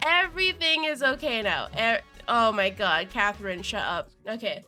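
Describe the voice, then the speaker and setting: A young woman streaming live, chatting casually to viewers, giggly and excitable, with a cold and chewing cough drops. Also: on the high side, moderate pace, hardly any pauses, faint music behind. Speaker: VTuber streamer.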